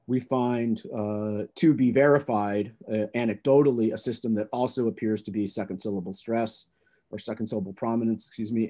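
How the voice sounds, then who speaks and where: A man giving an academic conference talk, explaining research in a measured, lecturing way. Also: lowish voice, warm tone. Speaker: conference presenter.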